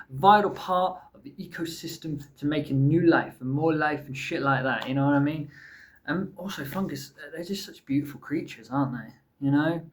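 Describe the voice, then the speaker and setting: A man rambles through a casual vlog monologue in a slightly high voice. He keeps it loose and offhand and swears freely. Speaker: YouTuber.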